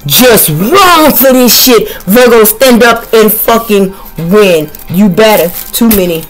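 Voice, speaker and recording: A woman's voice: mid-range voice, slow, faint music behind, low-quality recording. A woman doing a tarot reading in a brash, comedic way, swearing constantly and hurling colorful insults. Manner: profane, trash-talking, animated. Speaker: tarot reader.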